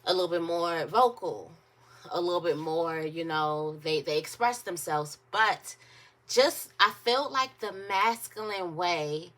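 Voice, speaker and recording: A woman's voice: on the low side, unhurried, fairly bright tone. A woman giving a casual tarot reading to her viewers, chatty and repetitive, with emphatic asides. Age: adult. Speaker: tarot reader.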